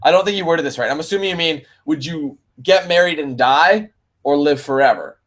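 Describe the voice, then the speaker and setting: This is a live-stream Q&A where a young Canadian gamer answers viewers, swearing freely and calling them "man" and "bro." He sounds laid-back, with a slightly high, somewhat bright voice and a brisk delivery.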